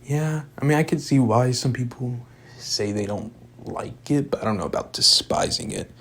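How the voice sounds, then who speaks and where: A young man with a medium-pitched, fairly bright voice recaps a movie at a normal speed, with slight background noise. He's a movie reviewer giving a casual spoken review, rambling and laid-back, full of fillers like "like" and "um," and chuckling now and then.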